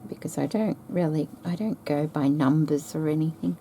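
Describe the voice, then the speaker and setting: Thinking aloud as she stitches, a woman who makes craft videos talks slowly and softly about threads and stitches. Her low, mellow voice carries a gravelly edge, hiccups interrupt her, and a faint hum runs beneath the audio.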